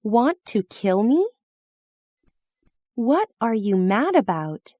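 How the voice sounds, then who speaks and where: Very slow, lively high-voiced woman. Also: no room sound, clean studio sound. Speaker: phrase reader. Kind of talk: slow, careful reading of practice phrases.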